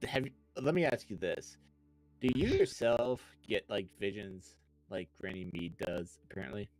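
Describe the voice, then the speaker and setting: Low-voiced man playing his game character. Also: normal speed, soft background music, low-quality recording. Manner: earnest, steadying, full of restarts. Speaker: player in a tabletop game. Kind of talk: in-character role-play.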